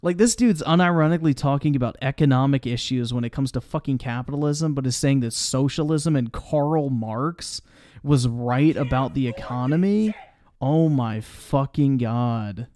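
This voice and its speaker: Guy streaming a reaction, sarcastic and sweary, smooth clear voice, dry close sound. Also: mid-range voice, normal speed, darkish tone, no echo. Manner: profane, sarcastic and mocking; reads viewer chat messages aloud. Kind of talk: live-stream reaction commentary.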